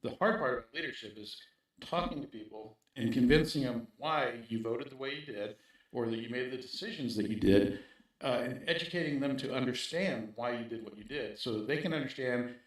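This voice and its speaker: A man's voice: medium pitch, a little fast. Emphatic man in a very echoey room. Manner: emphatic, repeats points with "right?". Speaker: guest. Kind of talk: casual interview talk.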